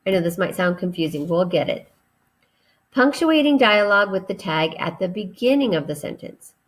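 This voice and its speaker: A woman teacher giving a recorded grammar lesson to children, patient and deliberate as she spells out each step. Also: medium pitch, animated.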